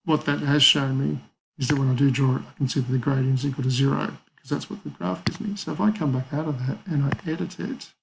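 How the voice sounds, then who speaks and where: A man's voice: mid-range voice, fast, vocal fry, a little hiss or hum, rough recording. A man teaching a maths lesson, talking casually through calculator steps and thinking aloud. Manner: casual, thinks aloud with fillers and small apologies.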